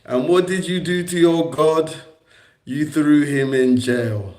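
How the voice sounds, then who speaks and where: A young livestreamer in an echoey indoor room swears at his critics, rambling, confrontational and repetitive. His voice is fairly high in pitch with a darkish tone, and he talks at a slow pace.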